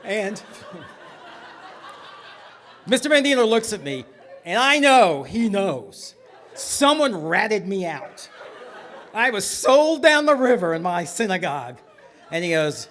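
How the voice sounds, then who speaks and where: A man from Texas telling a comic story on stage with an animated, exaggerated delivery. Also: high voice, slow pace, long pauses.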